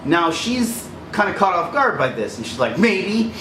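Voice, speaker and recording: A man's voice: a little high, very animated, moderate pace, echoey room, distant mic, noisy background. A man hosting a casual commentary video, talking animatedly and laughing often as he acts out quotes. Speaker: video essay host. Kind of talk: casual commentary over film clips.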